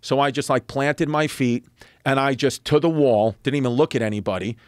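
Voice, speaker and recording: A man in his thirties, a comedian and podcast guest, telling a story in casual chat, animated and profane, acting out other people's lines as he goes. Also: medium pitch, a little fast, dry recording, clean studio sound. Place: podcast studio.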